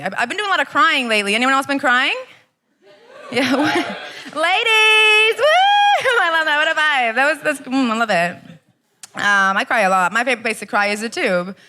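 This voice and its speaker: Young American female stand-up, crisp bright tone, brash crowd work. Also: a little high, a little hiss or hum. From Los Angeles area, US. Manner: brash, swearing, crowd-teasing. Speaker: stand-up comedian. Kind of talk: stand-up comedy set. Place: comedy club stage with live audience.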